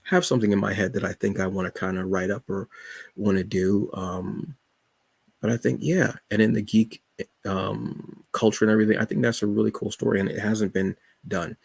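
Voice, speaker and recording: A man's voice: on the low side, fairly even intonation, moderate pace, vocal fry, darkish tone, slightly rough, dry recording. A man hosting a solo comics show, rambling enthusiastically with many fillers. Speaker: podcast host reviewing comics. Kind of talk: casual solo chat.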